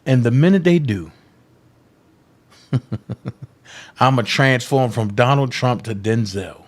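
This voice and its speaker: On a political livestream, a man with a medium-pitched voice speaks slowly in a heated, defiant monologue. He taunts his critics, repeats phrases for emphasis, and shifts between loud outbursts and hushed asides.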